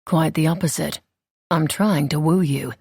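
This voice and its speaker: A woman's voice: a little slow, gravelly, darkish tone, slightly rough, no room sound, exaggerated voice. A woman reading an amused, charming suitor. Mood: teasing. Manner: teasing, low-key. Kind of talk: audiobook character reading.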